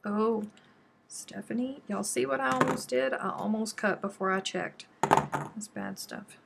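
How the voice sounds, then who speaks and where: Gravelly chatty woman. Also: medium pitch, a little slow, background noise. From Texas. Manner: chatty, reads out and answers viewer comments. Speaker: crochet live stream host. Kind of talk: casual live-stream chat while crafting.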